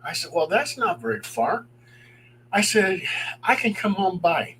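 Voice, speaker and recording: Middle-aged man, paranormal investigator, lively raconteur, slightly high voice, faint hum underneath. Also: measured pace, rough recording. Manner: animated, acts out voices in his stories. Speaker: paranormal investigator telling stories. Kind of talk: casual storytelling on a talk show.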